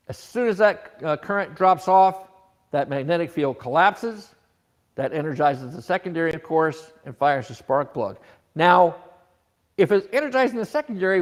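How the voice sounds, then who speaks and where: A man teaching an automotive technical seminar, explaining scope patterns with rhetorical questions and frequent restarts. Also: a little high.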